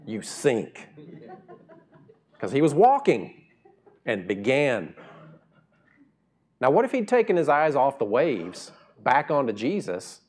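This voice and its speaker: Preaching casually, as if in conversation, the middle-aged pastor alternates quiet, unhurried asides with loud bursts of high-pitched emphasis.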